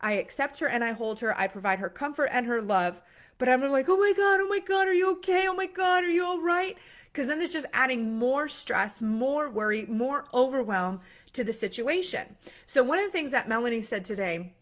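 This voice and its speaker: A young woman giving a casual motivational talk, earnest, with many fillers and restarts. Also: on the high side. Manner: acts out worried voices with sudden gasps. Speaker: mindset coach. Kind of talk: motivational monologue.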